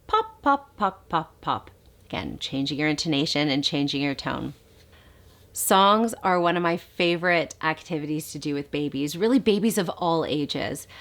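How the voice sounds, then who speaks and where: A woman speech therapist giving calm, explanatory tips to parents, now and then modeling baby sounds in a sing-song. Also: fairly low pitch. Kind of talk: instructional talk to parents.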